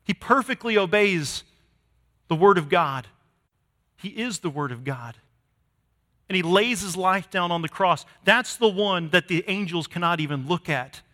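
A man preaching a sermon to his congregation, emphatic, swinging from loud declarations to hushed lines. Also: high voice, lively intonation, unhurried. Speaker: pastor. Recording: long hall reverb.

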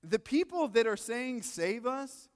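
A male pastor preaching a sermon in a casual, joking way, swinging between loud excitement and hushed asides. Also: extremely high pitch, measured pace. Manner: conversational, joking. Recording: long reverb of a large hall.

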